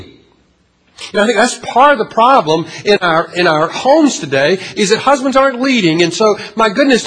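A pastor preaching a sermon, halting and repeating words, asking the congregation rhetorical questions. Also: male voice, sits high, fairly bright tone, slightly rough.

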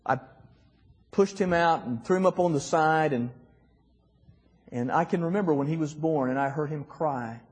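Husky man telling a story in a hall. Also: normal speed. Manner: emotional, voice dropping soft and rising high in quoted lines. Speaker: guest speaker. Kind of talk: heartfelt storytelling talk. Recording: long hall reverb.

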